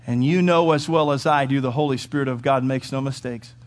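A man's voice: mid-range voice, brisk. A man preaching a sermon in a church, talking emphatically and building to fervent peaks. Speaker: pastor.

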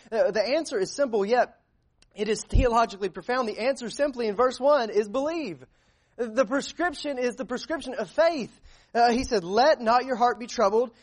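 A high-pitched man preaching to his congregation in an earnest, searching way. He stumbles and restarts often, filling pauses with "uh" as he works through the passage. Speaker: pastor. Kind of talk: sermon.

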